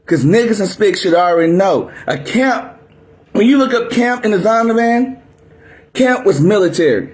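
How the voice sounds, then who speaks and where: A man's voice: high-pitched, animated, normal speed, darkish tone. A man preaching a fiery, aggressive sermon, barking at his listeners in a confrontational, drill-sergeant manner. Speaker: preacher teaching scripture.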